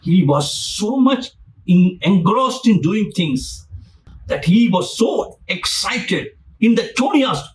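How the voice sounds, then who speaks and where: A man's voice: sits high, big pitch swings, slow pace, recorded from a distance, rough recording. A man preaching a sermon, repeating his phrases for emphasis and acting out the scripture as he goes. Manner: repetitive, emphatic, dramatizes scripture.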